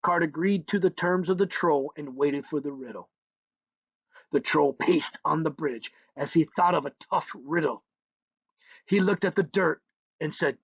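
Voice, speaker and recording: A man's voice: fairly high pitch, a little slow, vocal fry, husky, no room sound. A man narrating a children's story in a playful way, humming sound effects between lines, on a dull lo-fi recording.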